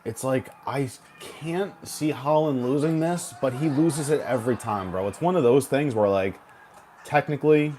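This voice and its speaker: A man's voice: mid-range voice, moderate pace, warm tone. A young man with a sore throat hosting a casual gaming livestream, rambling and cursing as he chats. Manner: rambling, profane, jokey. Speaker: livestream host. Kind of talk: casual streaming chat.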